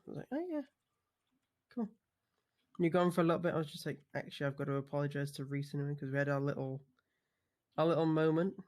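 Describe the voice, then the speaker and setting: A woman's voice: deep voice, a little mellow. A woman in character during game roleplay, speaking in an offhand, joking way.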